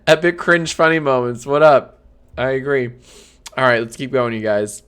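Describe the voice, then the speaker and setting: A man's voice: fairly even intonation, moderate pace, a bit bright, smooth. Sarcastic man cracking jokes on stream. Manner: sarcastic, joking, swears freely; breaks into high laughter. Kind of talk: casual live-stream chat.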